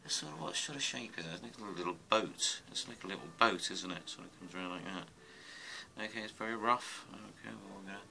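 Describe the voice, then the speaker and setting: A man's voice: lowish voice, brisk, creaky, sharp tone, a little hiss or hum, poor audio. A man giving a casual drawing tutorial, muttering and rambling to himself as he sketches. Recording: music playing underneath. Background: music.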